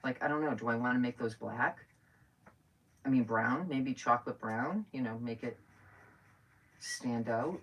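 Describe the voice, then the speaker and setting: A woman's voice: very deep voice, unhurried, pauses often, slightly rough. A middle-aged woman hosting a live crafting stream, chatting and thinking aloud as she works. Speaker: craft host. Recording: distant from the mic.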